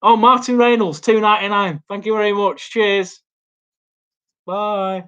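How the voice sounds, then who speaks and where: A man's voice: sits high, fairly even intonation, a little slow, fairly bright tone, smooth, dull audio. A young man hosting a casual live Q&A from a small home studio, rambling and hesitant, with lots of ums and restarts. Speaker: YouTube host. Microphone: laptop mic.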